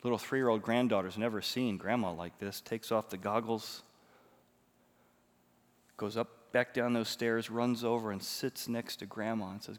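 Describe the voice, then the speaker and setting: A man preaches from the pulpit of a church sanctuary, dropping to a near hush for stories and then climbing into loud, emphatic passages. His voice carries a long reverb from the large hall around him. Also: on the low side, fairly even intonation, normal speed. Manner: swings between hushed storytelling and loud emphatic preaching. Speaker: pastor. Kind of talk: sermon.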